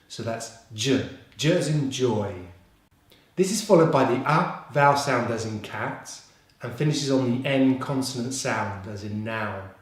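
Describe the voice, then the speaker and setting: A man with a British English accent teaching pronunciation, slow and deliberate, repeating each sound carefully. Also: medium pitch, heavy reverb. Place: London.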